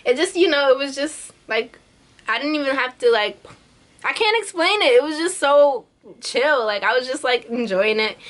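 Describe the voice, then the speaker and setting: A woman's voice: fairly high pitch, fairly bright tone. A young woman in her twenties chatting casually in a reaction vlog, bubbly and full of slang, laughing often. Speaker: YouTube reaction vlogger.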